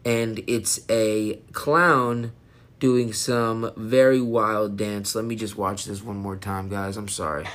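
A man hosting a casual solo podcast, rambling and excitable while high, jumping off topic. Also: takes it slowly. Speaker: podcast host.

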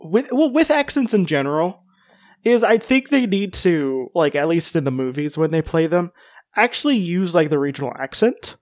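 A man's voice: on the high side, big pitch swings, moderate pace, a little mellow, no room sound, clean studio sound. A man hosting a podcast, chatting casually and jokingly with lots of fillers. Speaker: podcast host. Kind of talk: casual chat.

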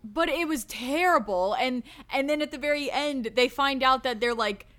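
A woman co-hosting a casual movie discussion, ranting in an animated, exasperated way with lots of "like". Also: high-pitched, moderate pace. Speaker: podcast co-host. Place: recorded live.

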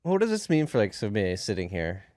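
A male podcast host with a very low voice that swings widely in pitch. He chats casually and keeps steering the talk with questions, heard dry and close. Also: huge pitch swings, brisk, a little mellow, dry recording. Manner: conversational, prompting with questions. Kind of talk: casual interview chat.

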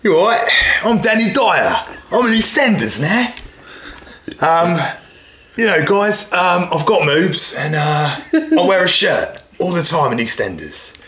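A man's voice: sits high, big pitch swings, a little slow, a bit bright, a little hiss or hum, voice pushed up, heavily acted. A man putting on a generic Cockney accent to impersonate a brash, blokey London celebrity with a matey, self-mocking drawl. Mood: cheeky. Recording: echoey room.

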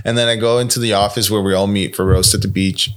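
A man's voice: lowish voice, steady tone, fast talker, a bit bright, smooth. A young man, a podcast guest, telling a story in casual chat, acting out the voices of the people in it and swearing freely.

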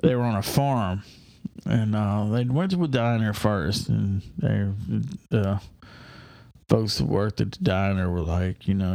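A man's voice: lowish voice, measured pace, vocal fry, mellow, no room sound. A man talking casually in a rambling, enthusiastic monologue, full of hesitations and restarts.

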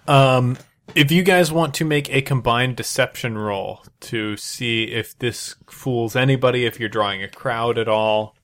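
A man running a tabletop role-playing game as game master, narrating and setting rolls in a relaxed way. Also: mid-range voice, a little slow.

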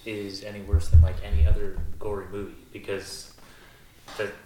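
A young man appearing as a guest on a casual podcast, speaking quietly and unsure of himself. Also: on the low side, completely flat delivery, moderate pace. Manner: quiet, unsure, soft-spoken. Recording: echoey room with noise.

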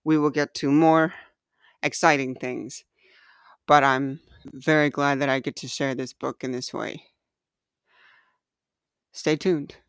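A woman hosting a podcast and reading aloud from her own book in a gentle, measured, heartfelt way. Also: low-pitched, no room sound, clean studio sound. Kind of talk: slow, earnest reading of personal writing.

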